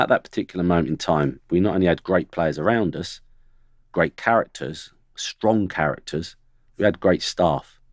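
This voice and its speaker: A very deep, darkish male voice belongs to a middle-aged ex-footballer sharing blunt stories on a studio podcast, impersonating his former teammates. There's no echo in the audio.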